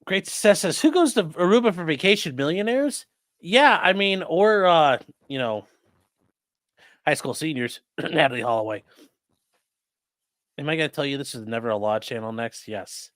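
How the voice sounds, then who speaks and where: A man's voice: mid-range voice, expressive, normal speed, pauses often, a bit bright. A man who is a lawyer chats casually on a livestream, joking and reading viewer comments aloud.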